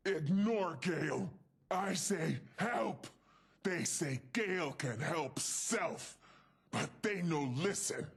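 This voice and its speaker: A hulking, short-tempered super mutant growls through broken English and talks about himself in the third person. His voice is raised, gravelly and husky, with a slow, heavy delivery. He is a video game character. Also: on the high side, exaggerated voice. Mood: aggrieved. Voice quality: gravelly, raspy voice.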